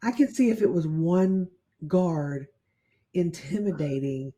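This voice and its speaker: A podcast co-host telling a story in a casual, animated way, laughing often and cursing. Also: medium pitch, slow pace. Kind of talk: unscripted casual chat.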